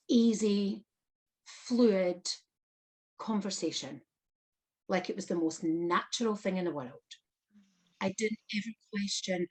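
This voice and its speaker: A woman guest on an interview, recounting a personal experience in an animated manner with frequent laughter. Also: a little high. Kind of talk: storytelling interview.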